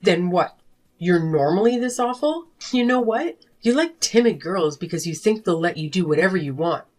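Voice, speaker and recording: Female actor: slightly low voice, furious wife and mother, sharp and confrontational. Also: animated, normal speed. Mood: angry. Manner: indignant and confrontational. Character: fed-up young wife and mother, sharp-tongued. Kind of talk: narrated drama story dialogue.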